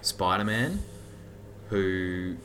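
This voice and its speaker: Very deep-voiced man in casual chat. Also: lively intonation, drawn-out words, a bit bright, a little hiss or hum. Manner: enthusiastic, explains film trivia. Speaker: podcast co-host. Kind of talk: casual film discussion.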